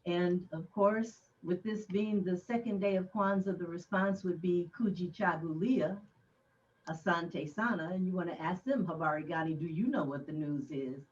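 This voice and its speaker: A woman leading a church service, introducing a story in a measured, gentle way. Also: on the low side. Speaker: worship service leader. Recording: distant dull church recording.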